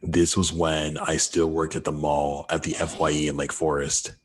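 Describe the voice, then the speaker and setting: A man's voice: extremely low pitch, little pitch movement, moderate pace. A man co-hosting a podcast, telling a story in a laid-back, slangy, profane way. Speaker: podcast co-host. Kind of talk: casual storytelling chat.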